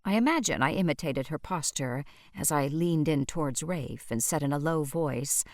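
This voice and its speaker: A woman narrating an audiobook in a measured storytelling manner. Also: low-pitched, expressive, dry recording, clean studio sound.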